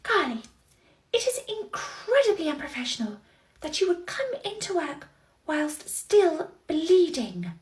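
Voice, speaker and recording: A woman playing a cold, officious nursery manager, scolding in a clipped, deliberate way. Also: very high-pitched, sing-song, recorded from a distance, heavily acted. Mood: stern. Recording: roomy echo, faint noise.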